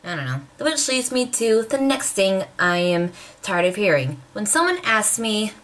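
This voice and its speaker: A young woman from the American Pacific Northwest talks straight to her camera, her accent clear and her voice pitched in an ordinary middle range. She rants in a chatty, exasperated way and drops sarcastic asides. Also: big pitch swings, measured pace, a bit bright. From Washington State, USA. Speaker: vlogger. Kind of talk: casual chat to camera.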